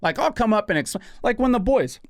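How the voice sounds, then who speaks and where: This podcast co-host, a man in his forties, speaks fast in a high-pitched voice while recounting a story in relaxed conversation. He's animated, voicing the quoted back-and-forth and dropping "dude" and "right?" a lot. The studio-quality audio from the podcast studio has no room sound.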